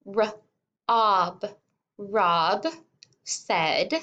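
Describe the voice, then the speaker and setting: A woman kindergarten teacher reading a simple storybook aloud word by word, sounding out and repeating words and gently encouraging young children to follow along. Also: mid-range voice, very slow, dull audio. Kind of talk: slow read-along lesson for young children.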